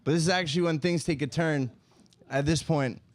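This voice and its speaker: A young man spins a comedic story on a podcast, rambling and amused, tripping over his own sentences. His voice sits a little high for a man, and the recording is dry and close-miked. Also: brisk, no room sound. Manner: rambling, amused, self-interrupting. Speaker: podcast co-host.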